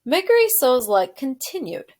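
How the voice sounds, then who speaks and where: A woman teacher with a fairly high voice reads a children's novel aloud with expressive storytelling. She stops now and then to put questions to her students. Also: measured pace. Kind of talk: reading a novel aloud to a class.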